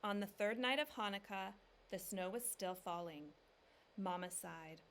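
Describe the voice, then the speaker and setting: Teacher read-aloud, woman, calm and even, mid-range voice. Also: unhurried, a little hiss or hum. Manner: calm, dropping low on narration tags. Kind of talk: reading a picture book aloud.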